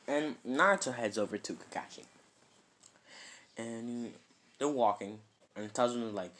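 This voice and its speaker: A man's voice: fairly low pitch, measured pace, pauses often, a bit bright. A man casually telling a made-up fan story, rambling and filling it with "kinda" and "like".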